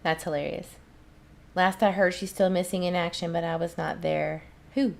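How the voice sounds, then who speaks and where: A woman's voice: fairly low pitch, fairly even intonation, normal speed, gravelly. A woman, hosting a casual livestream and chatting back to viewers' comments in a rambling way. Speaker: channel host.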